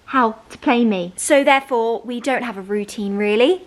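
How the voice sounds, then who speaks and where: A woman's voice: on the high side, moderate pace. A young woman, chatting casually and self-deprecatingly in a home vlog. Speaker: vlogger.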